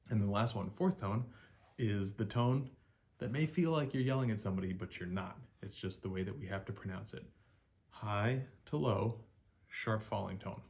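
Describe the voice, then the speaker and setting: A man teaching Mandarin pronunciation in a video lesson, encouraging and demonstrating sounds with big pitch swings. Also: moderate pace, vocal fry, a little mellow.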